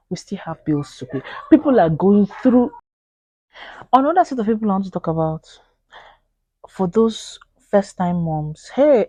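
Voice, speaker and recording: A woman's voice: on the low side, dry recording. A woman with a Nigerian accent talking casually to camera in a vlog, earnest and pleading, acting out quoted people in Pidgin. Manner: animated, acts out quoted voices in Pidgin. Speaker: vlogger.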